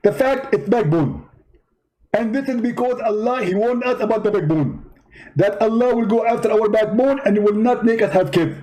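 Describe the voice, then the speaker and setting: A man doing a high-pitched smug preacher. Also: warm tone, close to an everyday voice, low-quality recording. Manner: haughty, scolding, quick to insult. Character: smug, pompous male preacher debating. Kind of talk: parody debate skit.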